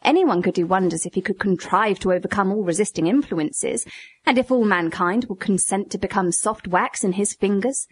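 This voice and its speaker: A woman narrating a classic essay written as a dialogue, with a lively, theatrical reading. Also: medium pitch, normal speed, husky, no room sound. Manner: lively, theatrical reading with raised questioning tones. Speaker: audiobook narrator.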